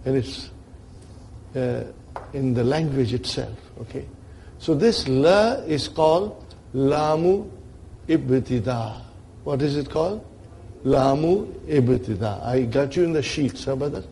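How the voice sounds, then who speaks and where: Slow gravelly man teaching grammar. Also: mid-range voice, animated, dark tone, slight background noise. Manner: keeps checking in with listeners. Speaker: Arabic teacher. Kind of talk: classroom lecture.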